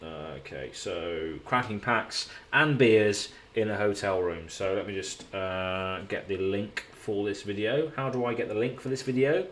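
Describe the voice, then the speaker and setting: A man talks casually on a live stream from a hotel room, his voice sitting a little low. He rambles and repeats himself while answering viewers by name from the chat. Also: unhurried, few pauses, fairly bright tone, slight background noise.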